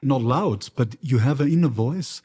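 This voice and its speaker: Austrian man with a mellow voice asking questions. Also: mid-range voice, expressive, normal speed, husky. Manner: probing, slightly unidiomatic English. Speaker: interviewer. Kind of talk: conversational interview. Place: university library event.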